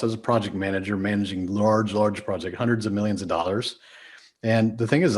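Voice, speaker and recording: A man's voice: fairly low pitch, slightly rough. A man speaking as a podcast guest, telling candid stories in casual interview talk and acting out his own past thoughts. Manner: candid, animated storytelling with quoted self-talk. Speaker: podcast guest, business mentor.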